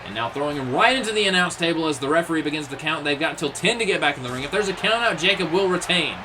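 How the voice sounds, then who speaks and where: A man doing excitable wrestling play-by-play commentary, exclaiming at each move and dropping joking asides. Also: on the high side, fast talker, noisy background.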